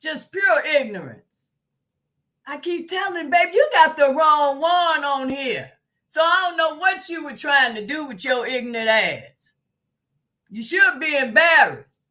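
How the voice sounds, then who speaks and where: A woman hosting a live stream in casual chat, loud and exclaiming, laughing and swearing often. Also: high voice, animated, unhurried. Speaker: livestream host.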